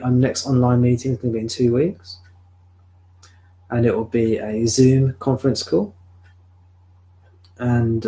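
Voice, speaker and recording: A man leading a live spiritual talk, guiding a listener with gentle, repeated questions. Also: medium pitch, creaky. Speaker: spiritual teacher. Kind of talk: live satsang guidance. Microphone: video call or webcam.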